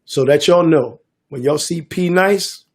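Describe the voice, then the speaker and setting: An older man, a DJ and producer telling a story in a casual interview, animated and acting out the voices of others. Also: on the high side, unhurried. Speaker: guest DJ and producer.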